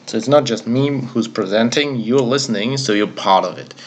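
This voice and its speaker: A man in a relaxed, informal grammar lesson, explaining in English and reading German example phrases one after another. His voice sits at an ordinary middle pitch. He speaks straight to the learner and corrects himself as he goes. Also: normal speed. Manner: informal, self-correcting, talks to the learner directly. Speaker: German language teacher. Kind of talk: casual spoken grammar lesson.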